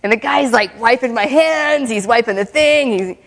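A woman giving a lively, humorous mission testimony at church, often breaking into laughter. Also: on the high side, moderate pace, hardly any pauses, big-room sound.

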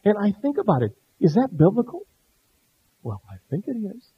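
Middle-aged guy preaching, fairly high voice, a bit husky, goes quiet then loud. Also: wildly swooping pitch, moderate pace. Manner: earnest, swings between hushed and emphatic. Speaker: pastor. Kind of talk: sermon. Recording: dull lo-fi sound.

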